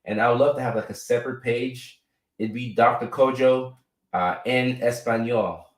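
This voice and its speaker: A man's voice: medium pitch, steady tone, moderate pace, distant mic. A man hosting a live stream in a casual, chatty way, often tagging his points with "right?" and fillers. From United States. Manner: conversational, frequent "right?" and fillers. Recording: echoey room, a bit off-mic.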